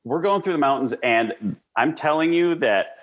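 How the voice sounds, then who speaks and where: A man from the American Midwest, a guest in an interview, telling stories in a casual, animated way with lots of fillers. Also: fairly high pitch, moderate pace. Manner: animated, lively storyteller with frequent fillers. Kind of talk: casual conversational storytelling.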